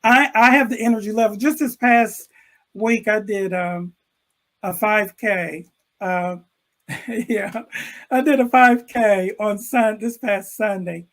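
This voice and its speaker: An older man, an educator, telling a classroom story with animated delivery and acting out the characters' lines over a video call. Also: sits high, takes it slowly, rough recording. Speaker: interview guest, educator. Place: room with bookshelves.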